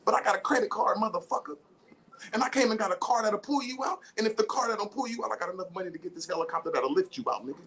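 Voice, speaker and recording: A man voicing a small, scrappy male mouse who talks in an excited, profane rush. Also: high-pitched, racing, pitched above the performer's own voice. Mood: triumphant.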